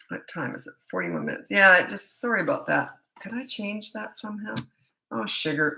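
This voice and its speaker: A woman's voice: mid-range voice, bright, forceful tone, poor audio. A middle-aged woman parenting coach chatting and telling stories in a live webcam Q&A, laughing often. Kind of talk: live Q&A chat from home on webcam. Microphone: laptop webcam.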